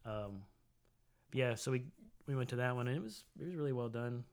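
A man in his forties from Tennessee, co-hosting a podcast and telling a story in loose casual chat, full of "like" fillers, jumping into a high voice for quotes. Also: lively intonation, brisk, a little mellow, clear, resonant tone. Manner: rambling, lots of "like" fillers, acts out quotes in a high voice. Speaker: podcast co-host.

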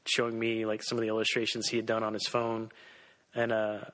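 A man co-hosting a podcast in casual chat, talking excitedly with many restarts. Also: on the low side, brisk, poor audio. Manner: excitable, lots of fillers and restarts. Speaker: podcast co-host.

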